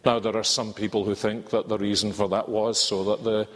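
An older man with a Scottish accent preaching a sermon in a measured, earnest way, drawing out key words. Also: lowish voice, level tone. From Scotland. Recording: reverberant hall.

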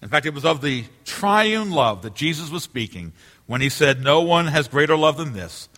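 A middle-aged male pastor preaching a sermon, earnest, moving between loud emphasis and hushed, quiet passages. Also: on the high side, sing-song, moderate pace. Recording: long reverb of a large hall.

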